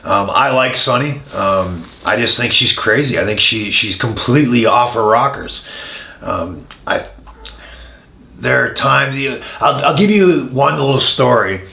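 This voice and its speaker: A man, a former wrestler, telling candid stories in an interview, frank and full of pauses, getting animated during anecdotes. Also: medium pitch, vocal fry. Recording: echoey room.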